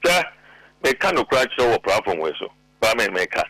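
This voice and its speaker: Emphatic Ghanaian man, bright dry voice. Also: fairly low pitch, very animated, brisk, dry recording, poor audio. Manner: emphatic, mixes Twi and English. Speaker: guest politician. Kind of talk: animated political talk show.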